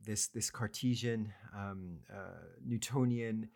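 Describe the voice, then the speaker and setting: An interviewer who talks haltingly and searches for words. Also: mid-range voice, gravelly, crowd noise.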